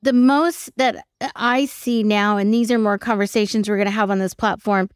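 Woman podcast host, smooth clear voice, dry close mic; engaged and affirming. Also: mid-range voice, steady tone, moderate pace, dry recording. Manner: engaged, affirming, thinks aloud. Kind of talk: conversational interview.

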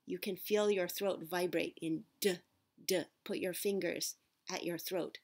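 A woman teaching Japanese pronunciation in a patient, deliberate classroom manner, modelling sounds for her students. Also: on the low side, steady tone, a little mellow. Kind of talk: classroom-style lesson.

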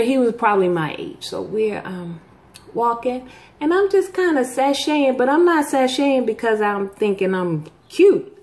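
A middle-aged woman with a somewhat high voice chats casually with her viewers. She tells her stories in a lively way and jumps well up in pitch whenever she acts out the people she quotes. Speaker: vlog host.

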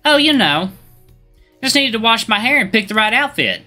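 A man's voice: very high-pitched, big pitch swings, normal speed, sharp tone, soft background music, pitched above the performer's own voice, full character voice. Man voicing a sugary, catty young woman. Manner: sugary, condescending. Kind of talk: video game dialogue read aloud.

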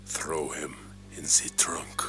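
A man voicing a menacing male government agent who speaks in a low, hushed whisper. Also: little pitch movement, slow pace, music in the background, full character voice.

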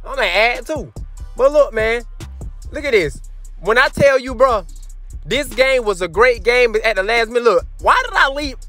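A young man giving loud, animated trash-talk commentary over his basketball video game to his chat, sometimes slipping into a sing-song. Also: very high voice, normal speed, soft background music. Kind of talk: hyped gameplay commentary.

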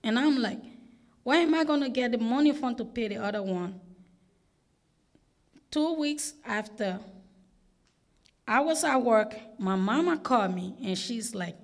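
A woman's voice: on the high side, animated, unhurried, pauses often. Earnest woman giving pleading testimony. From United States. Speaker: public hearing witness; single mother. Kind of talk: public comment testimony.

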